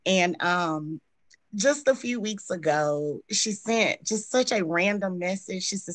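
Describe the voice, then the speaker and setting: A woman sharing a heartfelt tribute as a guest, warm and expressive, acting out the dialogue in her story. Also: medium pitch, slow, no room sound.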